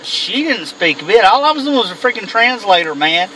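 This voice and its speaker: A man's voice: sits high, sing-song, brisk, pushed and bright, slight background noise, low-quality recording. Rambling man in a car. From American South. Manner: rambling, laid-back, laughs often. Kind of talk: casual chat. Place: inside a car driving at night.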